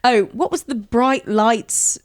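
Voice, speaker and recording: A woman's voice: a little high, no echo, clean studio sound. A young woman co-hosting a podcast, chatting casually and laughing often. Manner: giggly, chatty, quick to laugh. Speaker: podcast co-host. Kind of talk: casual chat.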